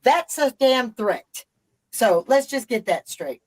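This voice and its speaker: A woman's voice: fairly high pitch, big pitch swings, slow pace, low-quality recording. A middle-aged woman hosting a live stream, telling a story in casual chat, with an emphatic, profane and rambling delivery.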